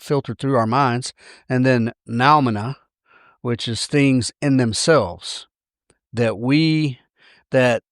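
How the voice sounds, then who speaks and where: A man's voice: mid-range voice, no echo, studio quality. A man with a Southern accent hosting a podcast, talking through ideas in a chatty, wry way and often correcting himself mid-sentence. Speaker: podcast host. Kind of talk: casual monologue.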